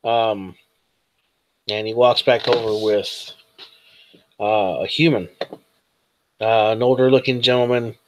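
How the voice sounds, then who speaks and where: A man narrating as game master of a tabletop role-playing game, hesitant with many pauses and fillers. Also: lowish voice, fairly even intonation, background noise.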